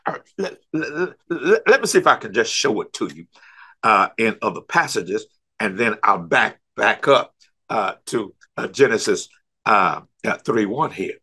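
Emphatic, husky-voiced man teaching Bible study. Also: medium pitch, very animated, sharp tone. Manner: emphatic, repeats words and stumbles on restarts; stretches key words slowly for emphasis. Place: church.

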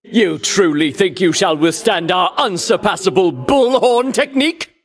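An actor voicing a pompous, boastful hero champion in a video game, with a grandiose, theatrical delivery. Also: male voice, sits high, animated, unhurried. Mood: boastful taunting.

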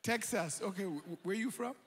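A man's voice: high-pitched, quick pace, husky. A Jamaican man hosting a conference in a large auditorium, energetically calling out to the crowd. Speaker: conference host. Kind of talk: lively crowd warm-up.

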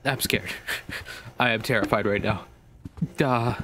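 A man's voice: on the low side, fairly even intonation, takes it slowly, background noise. A man giving nervous, profanity-laden commentary while playing a horror game, talking to his viewers. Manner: nervous, jumpy, swears a lot. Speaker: gaming video creator.

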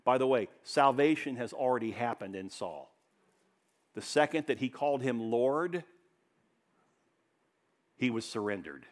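A pastor preaching a sermon in church, rising to loud emphatic peaks and dropping to hushed, low passages. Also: male voice, measured pace, long pauses.

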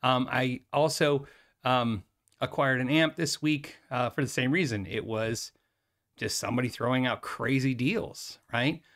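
A man's voice: mid-range voice, a little slow, a bit bright. A middle-aged man, a former music store owner, talking casually to his viewers in a rambling way, laughing often and restarting his sentences. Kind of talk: casual chat to camera.

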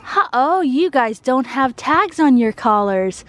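A woman's voice: high-pitched, expressive, slow. A woman, a mother and vlog host, chatting casually to the camera outdoors and slipping into a sing-song baby voice with her kids and puppies. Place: outdoors in a neighborhood street.

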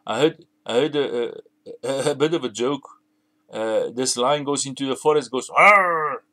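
A man's voice: medium pitch, normal speed. A man preaching a sermon, emphatic, repeating and restarting phrases as he builds his points.

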